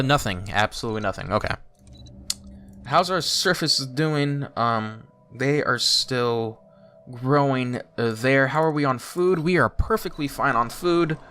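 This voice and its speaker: Lively, bright-voiced man gaming. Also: medium pitch. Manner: chatty, thinking aloud, bursts of excited exclaims. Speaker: YouTuber playing a strategy game. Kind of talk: let's play commentary.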